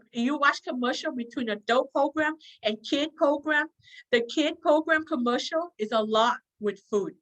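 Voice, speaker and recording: A woman leads a self-help workshop in a bright, forceful, slightly high voice, captured in a low-quality recording. She's earnest and repetitive, restating points and checking in with her listeners with "okay?".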